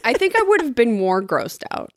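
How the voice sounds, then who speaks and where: A woman's voice: on the high side, very animated, normal speed, dry recording, clean studio sound. A woman co-hosting a casual comedy chat, ranting with theatrical, mock-dramatic outrage. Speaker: podcast co-host.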